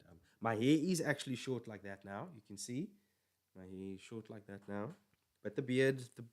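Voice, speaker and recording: A man chatting casually on a stream, rambling and correcting himself as he goes. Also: low-pitched. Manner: rambling, self-correcting, filler-heavy. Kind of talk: casual chat.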